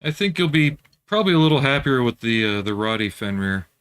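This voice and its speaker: A man hosting a casual livestream, chatting in a relaxed way and answering viewer comments while he works at home. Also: medium pitch, fairly quick, clean tone. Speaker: livestream host building scale models.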